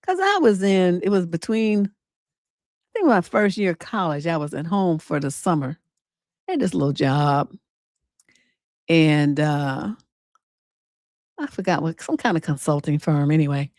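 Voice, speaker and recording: A middle-aged woman, a relationship coach and livestream host, telling a personal story in a casual, animated way, acting out quotes with attitude and cursing freely. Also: low-pitched, a little slow, long pauses, no room sound, studio quality. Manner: animated, sassy storytelling with acted-out quotes and swearing.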